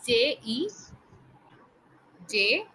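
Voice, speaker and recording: Young tutor lady, bright kinda high voice, patient, spells stuff out, slight hiss. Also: sing-song, extremely slow, low-quality recording. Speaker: English tutor. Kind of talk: online pronunciation lesson.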